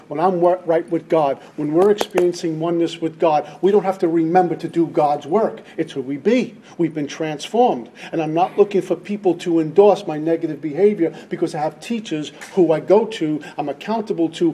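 Speaking at a recovery meeting, a middle-aged man shares an impassioned personal testimony, preaching emphatically and repeating lines for weight. His voice leans high and has a warm tone.

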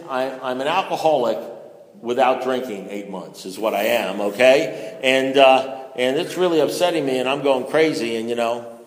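A man telling his own recovery story to a room as comic storytelling, animated and rambling, self-mocking, stumbling over stammered restarts. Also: mid-range voice. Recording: echoey hall with long reverb.

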